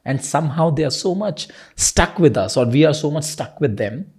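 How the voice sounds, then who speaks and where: A man hosting an interview, asking earnest, expressive questions. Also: on the high side, normal speed, slightly rough. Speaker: podcast host.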